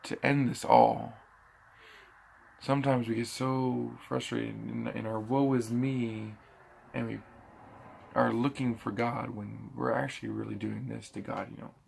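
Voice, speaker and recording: A man's voice: medium pitch, little pitch movement, a little slow, creaky, darkish tone, slight background noise. A man giving a casual bible teaching, thinking aloud and often restarting his sentences. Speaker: preacher.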